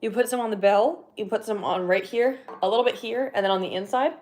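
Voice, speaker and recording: A woman's voice: medium pitch, fast talker, darkish tone. A young woman chatting casually on a livestream while cleaning her horn, rambling with lots of fillers and laughing now and then, a little out of breath. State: slightly out of breath.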